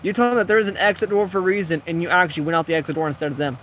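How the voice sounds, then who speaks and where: A man's voice: a little high, steady tone, racing, fairly bright tone, slight background noise. A man casually telling a rambling, jokey story while building in a game, acting out the people he quotes. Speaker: gaming video creator.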